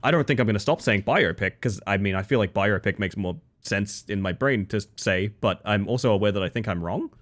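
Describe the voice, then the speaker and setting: A young man with a lowish, slightly bright voice talks briskly with hardly any pauses. He's chatting casually and playfully with his audience during a game stream, joking about himself and laughing a lot.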